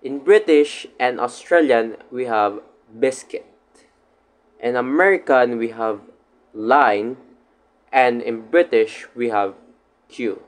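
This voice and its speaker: Man reading a class report haltingly. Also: mid-range voice. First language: Filipino language. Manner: reads haltingly with slips and restarts. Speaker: student presenter.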